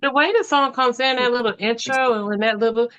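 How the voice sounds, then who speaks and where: A woman's voice: a little high, brisk, muffled recording, crowd noise. A woman co-hosting a casual music podcast, speaking emphatically and imitating drum beats as she talks. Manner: animated, mimics drum sounds, emphatic. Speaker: podcast co-host.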